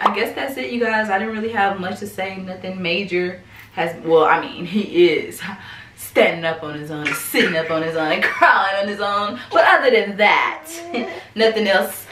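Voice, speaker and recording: At home with her baby, an American mother vlogs a casual update, breaking off to talk to the little one between chatty remarks. She has a medium-pitched, fairly bright voice at normal speed, and the roomy, somewhat distant recording has faint ambience plus a little hiss or hum.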